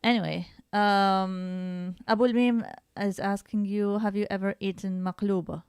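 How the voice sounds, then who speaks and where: A woman's voice: medium pitch, steady tone, a little slow, darkish tone, clean tone, dry recording, studio quality. A woman co-hosting a podcast in casual chat, talkative with frequent laughs and restarts. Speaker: podcast co-host.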